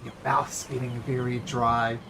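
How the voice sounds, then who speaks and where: A man's voice: mid-range voice, little pitch movement, noisy background. A man running a tabletop game as game master, narrating scenes with frequent fillers and restarts. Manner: descriptive, halting with fillers and restarts.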